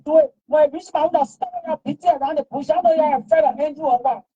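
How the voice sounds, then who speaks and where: A woman speaks fast in a high pitch, repeating herself forcefully as a casual argument heats up. The audio is lo-fi and dull.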